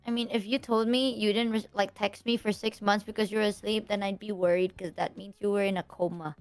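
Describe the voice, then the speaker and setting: A woman's voice: mid-range voice, steady tone, brisk, soft background music. A woman chatting casually, earnest and rambling as she explains herself. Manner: earnest, rambling, lots of fillers and quoting herself. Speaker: streamer. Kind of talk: casual chat.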